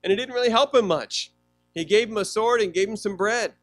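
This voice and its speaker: A man's voice: high-pitched, fairly quick, a bit bright, dry recording, soft background music. A male pastor preaching a sermon in a conversational way, often asking the congregation questions.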